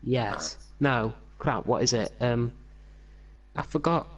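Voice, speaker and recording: A man's voice: medium pitch, lively intonation, slow pace. A young man hosting a casual podcast, rambling with many fillers and restarts. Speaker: podcast host. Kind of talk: casual chat while gaming.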